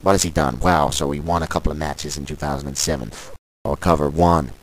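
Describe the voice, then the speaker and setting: Brash man with a very deep voice. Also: fairly even intonation, a little fast, slight background noise, rough recording. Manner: brash, ranting, insulting. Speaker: wrestling commentator. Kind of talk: play-by-play commentary.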